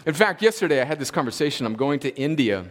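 A man, preaching a sermon as a pastor. He builds to emphatic peaks and then drops into quieter, conversational asides. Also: on the high side, sing-song, fast. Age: 40s. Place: church sanctuary.

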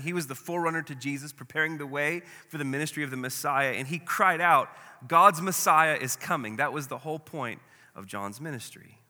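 A man's voice: mid-range voice, pushed and bright. A man preaching a sermon as a pastor, dramatic, acting out the voices of the people in the story. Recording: long hall reverb.

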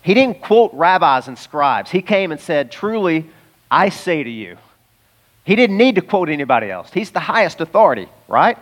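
A pastor preaching a sermon in a conversational, emphatic way, sometimes laughing mid-sentence. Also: male voice, fairly high pitch, sing-song, fairly quick, few pauses.

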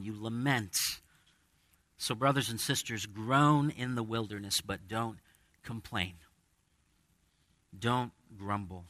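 A man's voice: fairly low pitch, steady tone, takes it slowly, pauses often, bright, forceful tone, dry recording. A man preaching a sermon as pastor, conversational, with dramatic quoted asides. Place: church with a congregation.

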